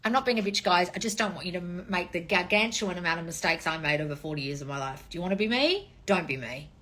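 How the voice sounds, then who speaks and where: A woman in her forties, a dating and manifestation coach, chatting casually on a livestream with blunt, profane tough love and swooping high replies. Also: quick pace, fairly bright tone. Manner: sweeping high "oh wonderful, darling" replies. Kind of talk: casual livestream chat reading comments.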